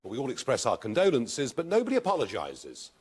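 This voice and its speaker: A man answering questions in a televised debate, forceful and emphatic, repeating words for stress. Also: medium pitch, huge pitch swings, fairly quick, slightly rough. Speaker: party leader in a televised debate.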